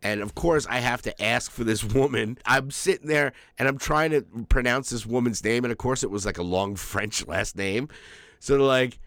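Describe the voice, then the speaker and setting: A man's voice: medium pitch, normal speed, hardly any pauses, fairly bright tone, no room sound. A man co-hosting a crude casual podcast, rambling through profane stories and laughing often, a little stuffy from a cold. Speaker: podcast co-host.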